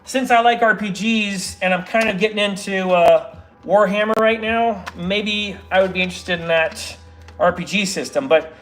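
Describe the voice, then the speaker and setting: A man's voice: high-pitched, moderate pace. A man chatting casually on a livestream while building models, rambling and interrupting himself as he reads comments.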